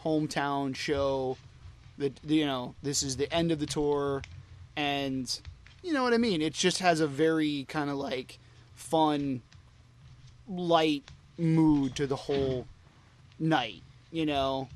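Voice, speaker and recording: Rambling casual man, slightly high voice. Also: takes it slowly. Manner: rambling, heavy on fillers and "you know". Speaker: podcast co-host. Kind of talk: casual fan podcast chat.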